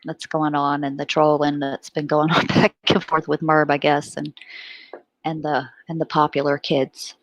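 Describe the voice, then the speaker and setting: Low-voiced chatty woman on a panel. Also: flat delivery, moderate pace, no room sound. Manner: chatty, laughs often, rambling restarts. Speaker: panel host. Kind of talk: casual online panel chat.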